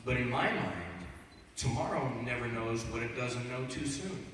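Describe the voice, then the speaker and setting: A man's voice: mid-range voice, sing-song, moderate pace, a bit bright. Boisterous, swearing man in an echoing hall. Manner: profane, rambling, boisterous. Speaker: convention panelist. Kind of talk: animated anecdote at a fan panel. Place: large convention hall. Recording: echoey hall, distant mic, noisy.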